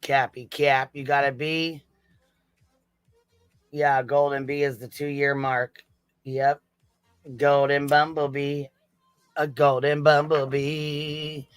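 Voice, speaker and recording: A man's voice: mid-range voice, little pitch movement, slow, long pauses, smooth, no room sound, faint music behind. A man hosting a casual livestream, swearing freely, giggling and thanking chat members. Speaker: livestream host.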